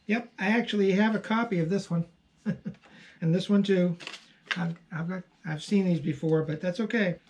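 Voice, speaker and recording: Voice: mid-range voice, normal speed, a little mellow, a little hiss or hum. An online postcard seller hosting a casual unboxing video, chatting and gushing over each card with frequent fillers.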